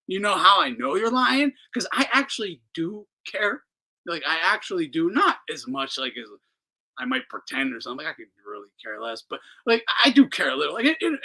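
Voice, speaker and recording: Male boxing talk host, fiery profane ranter, bright cutting voice. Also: fairly high pitch, low-quality recording. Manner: heated, profane, ranting. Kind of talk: ranting commentary.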